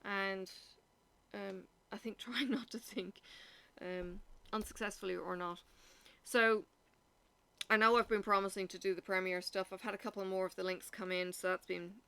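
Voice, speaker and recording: Woman rambling on in a home vlog, kinda gravelly, bright tone, lots of ums. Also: mid-range voice, steady tone, normal speed. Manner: rambling, chatty storytelling with many fillers. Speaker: vlogger. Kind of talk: casual chatty vlog. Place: home, recorded in the evening.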